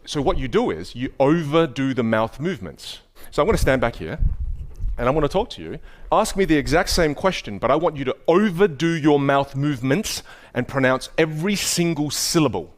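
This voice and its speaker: An Australian man coaching speech at a live workshop, energetic, emphatic and playful. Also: a little high, a little fast.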